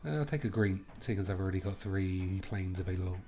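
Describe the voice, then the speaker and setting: A man with a slightly low voice talks through a card game as he plays it. He is playful and crude, weighing each move out loud like a gaming video host. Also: fast, a little hiss or hum. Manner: playful and crude, thinking aloud. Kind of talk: live card game commentary.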